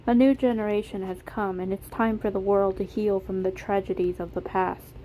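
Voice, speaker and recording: A woman voicing a kind, reassuring adult male inventor who speaks calmly and gently. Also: medium pitch, normal speed, a little hiss or hum, natural voice, low-quality recording. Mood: solemn.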